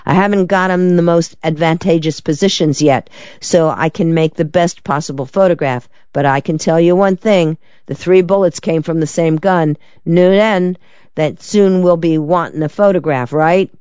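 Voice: mid-range voice, normal speed, darkish tone, clean tone, no room sound, muffled recording, natural voice. An audiobook reader voicing a brusque male Scottish lab technician who talks in dialect. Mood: gruff. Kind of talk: audiobook character reading.

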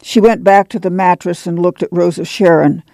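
Seorang wanita membacakan narasi buku audio dengan tempo terukur. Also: female voice, fairly low pitch, steady tone, normal speed, vocal fry, warm tone, dry recording. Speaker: audiobook narrator. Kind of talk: scripted narration.

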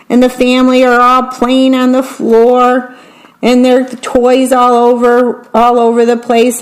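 A woman reading picture books aloud, gently describing the pictures between the verses. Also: fairly high pitch, low-quality recording. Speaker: storybook reader.

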